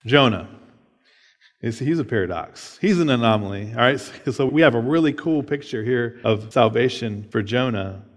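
A man's voice: medium pitch, expressive, normal speed. Man, casual sermon, scripture reading, long echo from a big hall. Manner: casual preaching, many "right?" and "like". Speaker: pastor.

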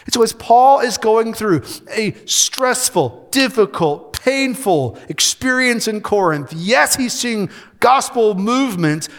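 A male pastor delivering a sermon, his fairly high voice rising to urgent emphasis and then dropping soft and close. The sound rings with the long reverb of a large hall. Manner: emphatic, swings between loud preaching and soft intimate delivery.

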